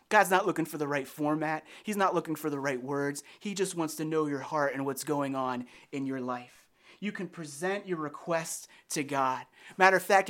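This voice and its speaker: A man's voice: a little high, a bit bright. Earnest male pastor preaching. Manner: earnest, conversational preaching with rising emphatic passages. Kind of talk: sermon.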